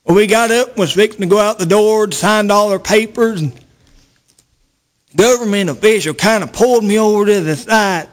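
A man telling a folksy stand-up story in a drawling, deadpan way. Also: sits high, normal speed. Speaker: comedian.

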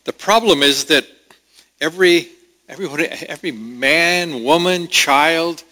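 A male pastor preaching a sermon at a slow, unhurried pace. His voice is bright and fairly high for a man, and he pauses often to reflect.

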